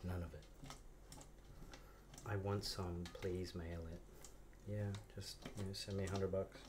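A man's voice: sits low, level tone, unhurried, noisy background. A man chatting casually and rambling with jokes and offhand swearing while he cooks on a live stream. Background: loud music.

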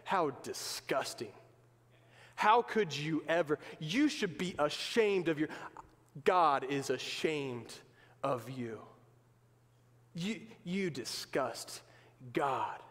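A man's voice: a little high, expressive, slow pace, pauses often, a bit bright, pitched below the performer's own voice, heavily acted. A man voicing Satan as a sly, scheming male tempter who coaxes and sneers, in a church with long reverb. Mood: contemptuous. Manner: coaxing then sneering.

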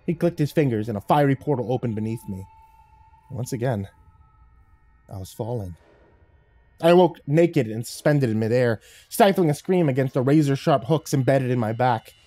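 A man's voice: mid-range voice, expressive, normal speed, warm tone, no room sound, faint music behind. A man narrating a first-person horror story in a dramatic, scripted telling.

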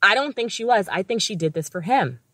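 A woman's voice: medium pitch, expressive, pushed and bright, dry recording. Laughing woman podcast co-host. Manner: laughing, storytelling, quick asides. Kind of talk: casual chat.

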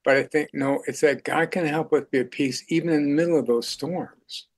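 A man's voice: on the high side, fairly even intonation, normal speed. An older man speaking as a radio guest in an earnest faith conversation, chuckling now and then.

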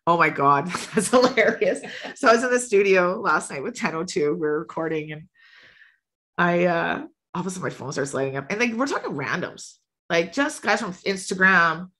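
A woman in her thirties talks as a podcast guest in a candid, casual way. Her voice is bright and sits a little low, and she laughs easily while acting out the lines of people in her stories. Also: lively intonation, moderate pace. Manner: chatty storyteller, acts out quotes with laughs.

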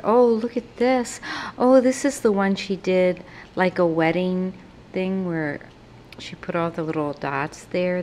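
A woman's voice: deep voice, poor audio. A woman vlogger opening craft mail on camera, gushing over each item and thanking senders by name in casual chat. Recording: faint background noise.

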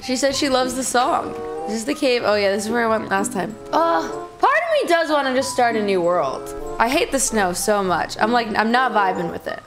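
A young woman streaming a game in casual chatter, excitable, gasping and cursing at what happens on screen. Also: fairly high pitch, moderate pace, few pauses. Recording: music playing behind her.

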